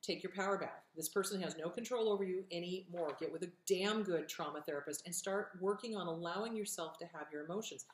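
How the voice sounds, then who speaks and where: A woman's voice: on the low side, brisk, hardly any pauses. A middle-aged woman from California hosting an advice show, blunt and direct, swearing freely as she answers viewer questions. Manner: direct, emphatic, encouraging. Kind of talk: casual advice talk. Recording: echoey room.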